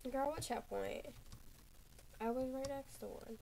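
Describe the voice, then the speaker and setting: A woman's voice: high voice, a little slow, creaky, warm tone, a little hiss or hum, rough recording. A woman playing a game for the first time, flustered and joking, her voice stuffy from a cold. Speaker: guest friend. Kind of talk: casual gaming chat.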